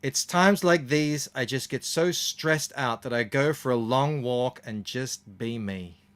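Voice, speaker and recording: A man's voice: mid-range voice, measured pace, fairly bright tone, close to an everyday voice. A man with an Australian accent voicing a self-righteous young activist woman in a comic reading, breezy and self-important. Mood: chirpy. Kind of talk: comic reading of a short piece.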